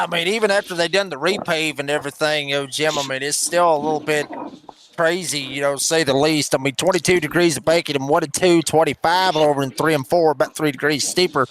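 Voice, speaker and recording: A man calling a sim race as announcer, excitable and rambling in a folksy way. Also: fairly high pitch. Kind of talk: sim racing commentary.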